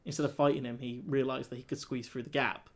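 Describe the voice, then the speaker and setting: A man co-hosting a casual film review chat, animated and laughing as he acts out scenes. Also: mid-range voice, quick pace. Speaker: podcast co-host.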